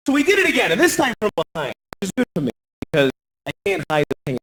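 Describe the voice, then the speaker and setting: Bright and brisk, with frequent pauses, he swings his pitch hugely while doing voices. It's an American man's crude stand-up act, full of self-deprecation.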